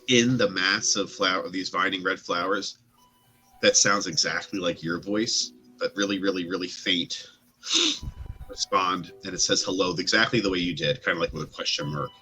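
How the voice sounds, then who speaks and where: A man with a low-pitched voice narrates as game master of a tabletop game. His tone is bright and forward, and he wanders through descriptions with frequent fillers. Faint music plays in the background.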